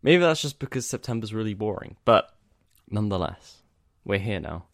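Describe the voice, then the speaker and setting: A man's voice: fairly low pitch, lively intonation, moderate pace, dry recording, studio quality. A young man co-hosting a podcast, rambling in casual chat with lots of fillers and easy laughs. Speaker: podcast co-host.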